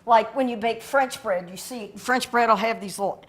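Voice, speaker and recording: A woman chef in a casual cooking demonstration, chatty and quick to laugh as she explains each step. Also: a little high, fairly bright tone. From United States.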